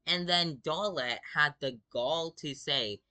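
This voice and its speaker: A man's voice: fairly high pitch, slow, sharp tone. A man who is sick gives casual commentary as he reads out game chat, sounding exasperated and drawling with lots of fillers. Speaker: gaming video creator.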